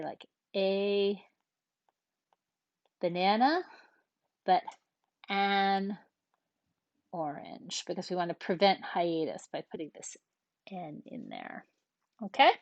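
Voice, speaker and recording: A woman's voice: medium pitch, dry recording. Woman teacher, patient, methodical, dry close recording. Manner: patient, explains slowly step by step; frequent checking "right?" and "okay". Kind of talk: recorded classroom lesson.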